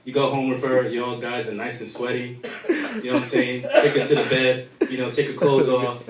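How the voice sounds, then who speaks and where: A man's voice: mid-range voice, expressive, fairly quick, a loud crowd. A young man doing a crude, rambling stand-up set full of fillers at a live comedy show in a bar. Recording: echoey room from far off.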